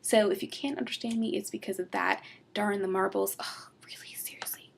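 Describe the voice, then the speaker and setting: Rambling young New York woman with vocal fry. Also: medium pitch, steady tone, fairly quick. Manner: rambling, giggly, many fillers and asides. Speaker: Star Wars role-play blogger. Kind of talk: casual chat answering fan questions.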